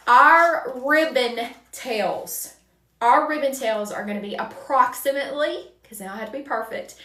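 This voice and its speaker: A woman with a North Carolina Southern accent hosting a live crafting stream, chatting warmly with viewers by name as she works. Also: fairly high pitch, roomy sound, far from the mic. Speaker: livestream craft host.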